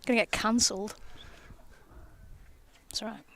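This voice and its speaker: A woman's voice: medium pitch, steady tone, unhurried, crowd noise. A woman cricketer doing guest commentary on a live match from an outdoor gazebo, playful and teasing, on a headset mic. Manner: playful, teasing, giggly banter. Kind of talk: live sports commentary, casual chat. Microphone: headphones with mic.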